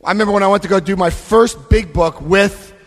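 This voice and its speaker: A man giving a lively recovery talk to a live convention audience, acting out scenes and voicing quotes. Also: high-pitched, a little fast, soft background music. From United States. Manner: animated, acts out scenes, shifts voice for quotes. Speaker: AA convention speaker. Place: convention hall. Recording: long hall reverb.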